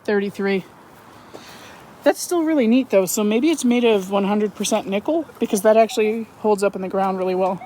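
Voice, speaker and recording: A woman narrating her metal detecting finds outdoors on a wooded property in a chatty, excitable way, often correcting herself. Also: mid-range voice, normal speed, slight background noise, poor audio. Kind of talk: casual outdoor vlog narration.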